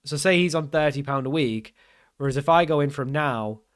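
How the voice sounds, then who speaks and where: A man's voice: on the high side, moderate pace, dry recording, studio quality. A young man giving casual gameplay commentary, thinking aloud in a puzzled, self-mocking way as he works through his choices. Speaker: gaming channel host.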